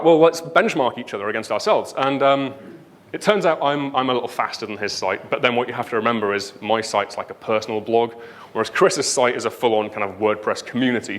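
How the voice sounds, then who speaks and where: A man with a Northern English accent speaks from a conference stage, chatty and lively. His pitch sits in the middle range, and he keeps checking in with the room as he explains. He sounds at ease in front of a crowd. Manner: lively, chatty, leans on "right?" and "um". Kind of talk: tech conference talk. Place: conference stage before an audience.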